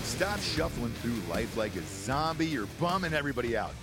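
A man reading a loud, emphatic advertisement in a pitched-up voice. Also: big pitch swings, a little fast, loud music behind the voice. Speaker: ad reader. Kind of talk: energetic ad read.

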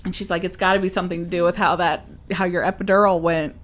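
A young woman co-hosting a podcast, chatting casually and telling a personal story with lively acted-out quotes. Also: fairly low pitch, fast talker. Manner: animated storyteller, acts out quoted voices. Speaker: podcast co-host. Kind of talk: casual chat.

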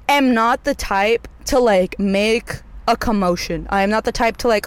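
A young adult storyteller chatting straight to camera, loose and rambling, with plenty of swearing and "like" in every sentence. The voice sits at a middle pitch and keeps jumping up when replaying moments of panic. The recording is close and dry, with no room sound. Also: fairly quick, hardly any pauses, clear, resonant tone, no echo. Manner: rambling, heavy swearing, filler "like"; animated, jumps up in pitch for quoted panic. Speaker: vlogger telling a storytime.

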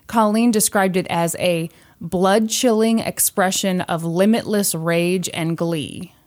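A woman's voice: fairly low pitch, takes it slowly. A woman hosting a podcast, telling a creepy true story in casual chat and acting out the voices of the people in it. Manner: animated storyteller, acts out quoted voices. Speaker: podcast host.

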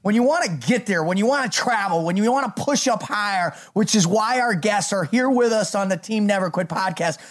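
A man's voice: sits high, animated, brisk, few pauses. A middle-aged man hosting a podcast, talking in a hyped, motivational way and laughing often. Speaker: podcast host. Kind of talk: energetic podcast chat.

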